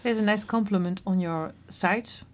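A woman whose first language is Dutch, hosting an interview in English, asking questions in a measured, friendly way. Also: medium pitch. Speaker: radio host.

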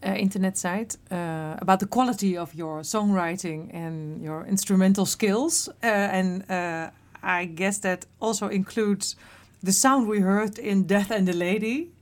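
A woman's voice: medium pitch, measured pace, few pauses. A woman with a Dutch accent, a host interviewing a guest in a friendly, hesitant way with many fillers.

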